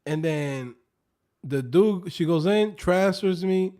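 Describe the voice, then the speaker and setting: Male streamer, slightly high voice, loose and profane, tells stories with lots of energy. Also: slow. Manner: animated storyteller, profane and joking. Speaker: coding instructor and live stream host. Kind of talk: casual live stream chat.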